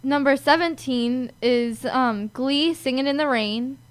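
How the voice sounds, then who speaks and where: A woman's voice: sits high, unhurried, smooth. A young girl co-hosting a kids' radio show, chatting casually, giggling and backing up her co-host.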